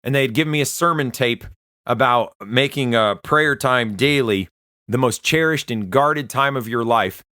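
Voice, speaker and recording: A man recounts his own testimony in an earnest, conversational way, stopping and restarting as he goes. His voice is bright and forceful. The recording is dry, with no room sound. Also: mid-range voice, no room sound. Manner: earnest, conversational, halting retelling. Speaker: Christian testimony speaker. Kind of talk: personal testimony storytelling.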